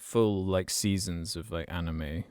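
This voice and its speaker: A man with a lowish, smooth, resonant voice, co-hosting a casual podcast. He reads out listener questions and answers in a mild, hesitant way. The recording is close and dry. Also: fairly even intonation, unhurried, darkish tone, no echo. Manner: mild, hesitant, short agreeing replies. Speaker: podcast co-host.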